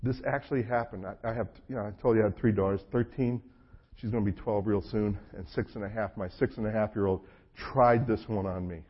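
A man's voice: fairly low pitch, fairly even intonation, fairly quick, husky. A man from North Carolina with a Southern US accent, preaching a sermon as a pastor in a conversational, joking storytelling way. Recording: dull lo-fi recording.

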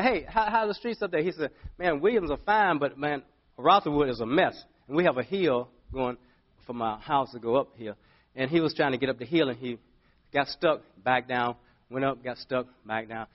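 A middle-aged male pastor preaching a sermon, telling a story with big swings from loud to hushed. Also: mid-range voice, dull audio.

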